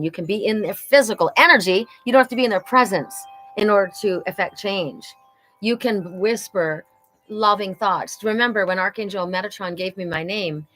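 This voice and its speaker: A woman's voice: medium pitch, fairly bright tone, rough recording. A woman doing a live oracle card reading, passing on spirit messages in an earnest, enthusiastic way.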